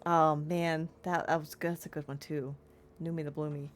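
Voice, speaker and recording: A woman's voice: sits low, level tone, normal speed. A young woman streaming a game, bubbly, giggly and chatty with her chat.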